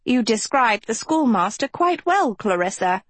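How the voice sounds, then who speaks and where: A woman voicing a prim, anxious, good-hearted female fairy professor who talks in a soft, fretful way. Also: on the high side, sing-song, unhurried, dry recording, voice pushed up. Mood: tart.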